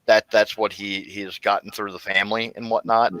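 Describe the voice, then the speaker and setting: A man hosting a casual chat, telling a story with lots of swearing and energy. His voice is bright, and the sound is dry and close. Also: lowish voice, brisk, no echo, rough recording. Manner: animated, profane storyteller.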